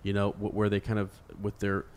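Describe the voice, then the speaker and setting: A man's voice: fairly low pitch, completely flat delivery, a little fast, darkish tone, clean tone. A man in a casual book discussion who teases, laughs easily and reads passages aloud with many fillers.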